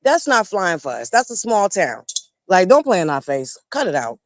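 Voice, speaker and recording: A woman with a Southern American accent hosting a casual livestream gossip chat, animated and quick to laugh, talking straight to her viewers. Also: fairly low pitch. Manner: animated, laughs often, talks to viewers as y'all. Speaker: livestream host.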